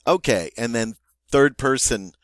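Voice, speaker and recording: A man's voice: mid-range voice, unhurried, dry recording. A man teaching French grammar, explaining patiently with fillers and checking in with "okay".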